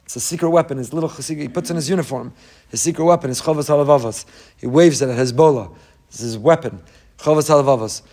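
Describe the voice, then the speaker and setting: A man's voice: on the high side, darkish tone. A man, a rabbi, teaching a Torah class full of parables, asking rhetorical questions and mixing in Hebrew quotes.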